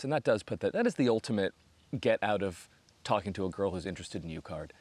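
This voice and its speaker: An American man in his thirties telling a long comic story, jumping into high voices whenever he quotes other people. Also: quick pace, dry recording. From United States. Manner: animated, acts out quoted voices with big pitch jumps. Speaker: comedian host. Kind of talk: storytelling stand-up monologue.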